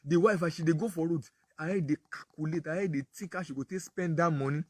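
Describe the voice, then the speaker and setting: Husky Nigerian man telling a story. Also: a little high, quick pace, no room sound. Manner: storytelling, acts out dialogue. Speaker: apostle speaking on parenting. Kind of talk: casual Pidgin sermon talk.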